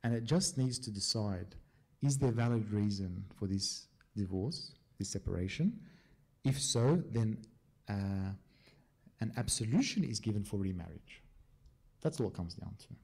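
A man's voice: lowish voice, lively intonation, creaky, a little mellow, husky. A man, a priest, answering questions from a church group in a casual, chatty way, telling stories and often checking in with his listeners. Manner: chatty storyteller, often checks in with a quick "yeah?".

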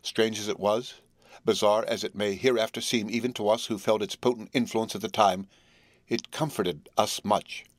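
Low-voiced man reading a solemn audiobook. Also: steady tone, normal speed, no room sound, studio quality. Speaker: audiobook narrator. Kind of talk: scripted narration.

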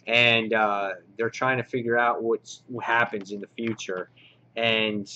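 A man's voice: medium pitch, fairly bright tone, highs cut off, slight background noise. A man casually reviewing a comic book, enthusiastic and rambling with lots of filler words.

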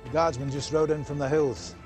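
An actor playing a burly, no-nonsense master-at-arms with a northern English accent. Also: male voice, a little high, steady tone, brisk, over music, close to an everyday voice. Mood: urgent.

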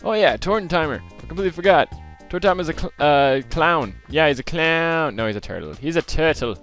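A man's voice: on the high side, lively intonation, fairly quick, fairly bright tone, soft background music. A young man casually commenting on his gameplay, rambling and muttering asides to himself. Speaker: let's player.

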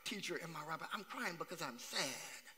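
A man's voice: fairly high pitch, animated, brisk, pushed and bright. A male pastor voicing a grieving, bewildered young woman disciple, speaking in a pleading way. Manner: pleading, exasperated. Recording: long church hall reverb.

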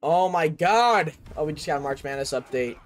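A man's voice: a little high, expressive, normal speed. Hyped young man ripping game packs. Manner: hyped, shouts over big pulls, says "bro" a lot. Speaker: gaming YouTuber. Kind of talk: pack opening commentary.

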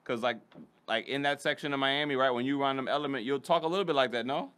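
A man hosting a podcast in casual banter, quick and playful, prodding his co-host with questions. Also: medium pitch, fairly bright tone, smooth. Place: podcast studio.

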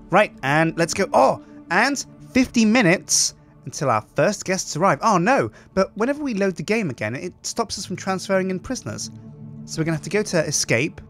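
A man's voice: medium pitch, a bit bright. Chatty man narrating gameplay. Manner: chatty, upbeat, thinks aloud. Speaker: host. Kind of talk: game commentary.

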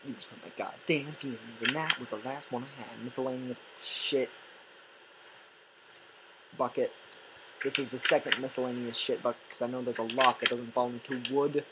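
A man doing goofy, rambling solo game commentary with sudden yelling outbursts. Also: medium pitch, background noise. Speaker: gameplay commentator.

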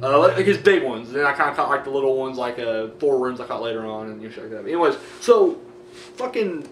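A young man talking about his movie collection in a loose, excitable ramble, swearing a lot and piling up fillers. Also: medium pitch, fast talker, recorded from a distance, slight background noise. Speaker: DVD collection vlogger. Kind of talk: casual profane movie chat. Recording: roomy audio from a camera mic set back.

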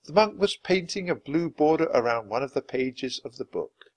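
A man reading a children's chapter book aloud in an expressive, lively way. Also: medium pitch, normal speed. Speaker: storybook reader. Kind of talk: children's story read-aloud.

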